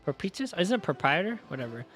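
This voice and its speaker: A man's voice: fairly high pitch, big pitch swings, quick pace, fairly bright tone, soft background music. Chatty man commenting on a game. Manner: reads the game aloud, chats and laughs with a friend. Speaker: streamer.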